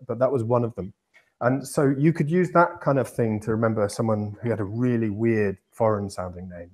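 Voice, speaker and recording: A man's voice: medium pitch, a little mellow. A man from England co-hosting a podcast, explaining at length in a casual, rambling way with many restarts. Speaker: podcast co-host.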